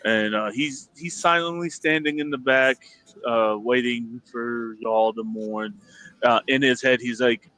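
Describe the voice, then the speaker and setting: Slow, halting man describing his character. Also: medium pitch, steady tone, pushed and bright, low-quality recording. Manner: halting, many fillers. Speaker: tabletop game player.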